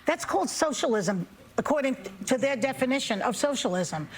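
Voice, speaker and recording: A woman on a daytime talk show panel with a somewhat high voice. She argues in a scornful, rhetorical tone. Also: animated, normal speed.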